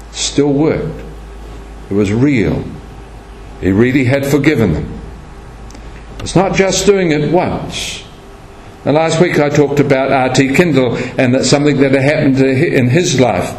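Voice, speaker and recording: A man's voice: mid-range voice, unhurried, long pauses, darkish tone, slight background noise. A man preaching a sermon and closing with a prayer, acting out the quoted speech as he tells the story. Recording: echoey room, faint ambience.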